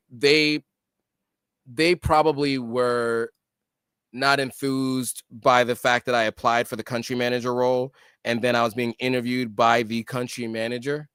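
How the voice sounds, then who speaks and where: A middle-aged American man talks through viewer questions on a casual livestream, pausing often with ums and false starts. His voice is smooth and resonant, at a middle pitch. The sound is close and dry, with no room in it. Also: fairly bright tone, dry recording. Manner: hesitant, many ums and restarts. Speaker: livestream host reading viewer comments.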